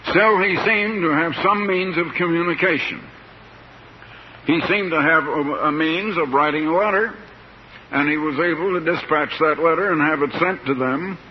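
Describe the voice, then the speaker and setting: An older man preaching a sermon in a slow, plain-spoken, folksy way, stretching out words for emphasis. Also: on the high side. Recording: dull lo-fi tape with faint hiss.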